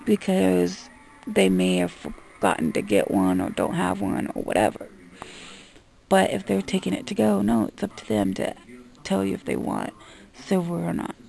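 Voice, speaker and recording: A woman's voice: lowish voice, big pitch swings, normal speed, vocal fry, a little mellow. A woman vlogger in a casual, exasperated rant, talking bluntly and swearing freely. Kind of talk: casual ranting monologue.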